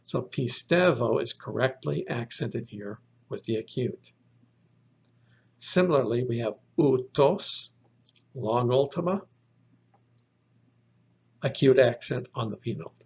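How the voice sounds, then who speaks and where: A man gives a recorded lesson in an unhurried, deliberate way, repeating each example word. His voice is gravelly and a little husky. The recording sounds dull and lo-fi. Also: medium pitch, expressive, a little mellow. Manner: slow, deliberate explaining with repeated example words. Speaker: teacher.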